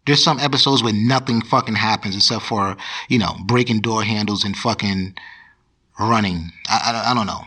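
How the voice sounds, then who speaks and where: Profane ranting man, bright voice. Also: on the low side, moderate pace, slightly rough. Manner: profane, animated, repeats words and restarts. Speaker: podcast host. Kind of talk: casual ranting commentary.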